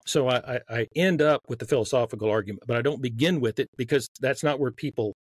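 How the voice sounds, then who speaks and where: A man's voice: mid-range voice, quick pace, breathy edge, dry recording. Earnest Southern man explaining his argument. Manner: earnest, explanatory, many restarts. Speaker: guest author. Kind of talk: casual podcast conversation.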